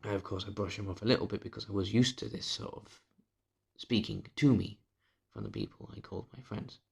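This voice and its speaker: A man talking straight to camera in a confessional vlog, his low voice heavy with gravel and a husky edge. He is candid and bitter, swears without holding back, and keeps sinking to a hushed murmur. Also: fairly quick. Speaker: vlogger. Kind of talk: confessional personal vlog monologue.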